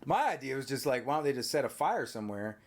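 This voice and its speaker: Mid-pitched male host, relaxed and lively, recapping a film plot while quizzing a kid on what happens next. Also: quick pace. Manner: animated storyteller, prompting with questions; frequent tag questions. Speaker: podcast host quizzing a child on a movie plot. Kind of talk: casual movie recap chat. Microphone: on camera.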